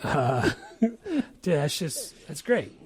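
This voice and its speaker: A man co-hosting a casual movie podcast, animated and quoting lines with laughter. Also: fairly high pitch, very slow. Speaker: podcast co-host.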